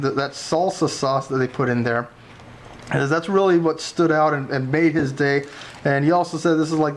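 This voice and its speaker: A man co-hosting a casual food review, talking in a chatty, rambling way with many restarts. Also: a little high.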